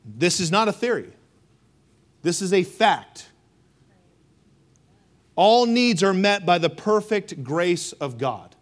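A man preaching a sermon, emphatic and rhythmic, calling on the congregation to respond and swinging between loud and hushed delivery. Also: sits high, very animated, takes it slowly, pauses often. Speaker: pastor.

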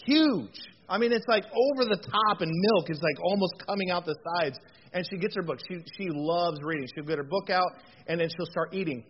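A man with a high voice delivers a relaxed, conversational sermon. He talks in a chatty, animated way and keeps asking the room questions. The recording sounds dull and lo-fi, with a faint hiss under it. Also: a little fast. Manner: chatty and animated, with frequent fillers and rhetorical questions. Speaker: pastor.

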